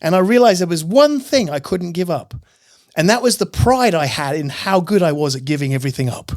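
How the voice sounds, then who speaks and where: A man's voice: high voice, animated, brisk. A man putting on a laid-back aging surfer dude.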